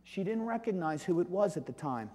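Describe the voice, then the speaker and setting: High-voiced preacher in a reverberant church. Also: male voice, expressive, fairly quick. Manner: emphatic preaching, swinging between loud exclamation and quiet asides. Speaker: pastor. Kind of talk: sermon. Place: church sanctuary. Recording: long reverb of a church hall.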